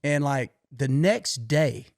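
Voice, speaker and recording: A man's voice: mid-range voice, animated, slow pace, vocal fry, no echo, clean studio sound. A middle-aged man hosting a podcast, telling stories in a folksy, colloquial way. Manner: folksy storytelling, drawled colloquial speech. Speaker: podcast host. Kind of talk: casual conversation.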